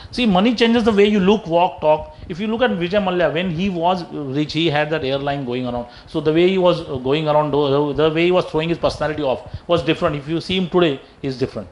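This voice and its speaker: A man's voice: on the high side, quick pace, few pauses, poor audio. A man with an Indian English accent giving a public talk, telling stories and often restarting his phrases. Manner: storytelling, repeats and restarts phrases. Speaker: speaker at a health talk. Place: lecture room.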